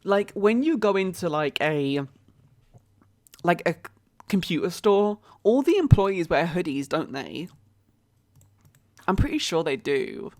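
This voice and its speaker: A woman streams a game and talks to her chat in an excitable, chatty way. Her voice sits a little low for a woman, with quick exclamations between casual remarks. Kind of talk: casual live-stream chat while playing.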